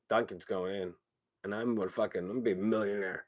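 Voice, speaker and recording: A man's voice: on the low side, lively intonation, fast, fairly bright tone. A man chatting casually on his own, rambling, swearing often and repeating himself. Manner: rambling, profane, repeats phrases. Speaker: streamer.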